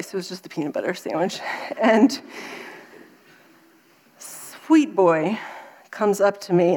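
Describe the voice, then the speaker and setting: A woman in her thirties speaking to a gathering in a lively, expressive voice. She tells a personal story in a faith talk, acting out her own exasperation with big swings in tone. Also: mid-range voice.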